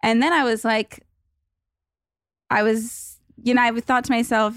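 Chatty higher-voiced woman podcast host. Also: steady tone, measured pace, no room sound, clean studio sound. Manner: self-deprecating, chatty, swears casually. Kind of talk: casual chat.

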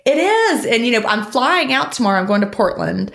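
A woman's voice: on the high side, big pitch swings, brisk, gravelly, a bit bright. A woman co-hosting a podcast in casual chat, rambling and laughing often as she talks. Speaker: podcast co-host.

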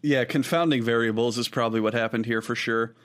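A man in casual podcast banter who trips over his words with repeated "I, I" restarts. He swears freely, and his voice sits at an ordinary middle pitch. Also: fairly even intonation, fast talker. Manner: stammering restarts, frequent swearing. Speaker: podcast co-host.

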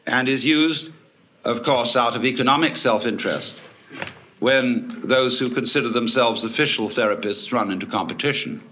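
A man giving a public lecture to an audience, telling stories in a wry, animated way with swooping emphasis. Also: mid-range voice, normal speed.

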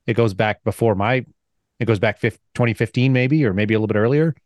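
A man hosting an interview, telling anecdotes in a brisk, conversational way. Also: lowish voice, darkish tone, no room sound. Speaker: podcast host. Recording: dry close mic.

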